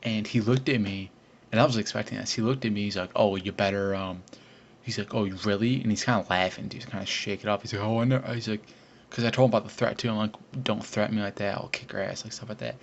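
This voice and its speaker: A man's voice: lowish voice, steady tone, fast. A teenage boy telling a long story from his school days in a casual, rambling way, with lots of fillers and restarts. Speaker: vlogger. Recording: dull lo-fi recording with faint hiss.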